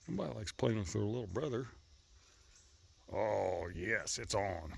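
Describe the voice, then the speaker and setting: Outdoors by a river, a man films his pets and talks to them playfully, teasing, coaxing and laughing often. His lowish voice is expressive, husky and full of vocal fry, at a moderate pace.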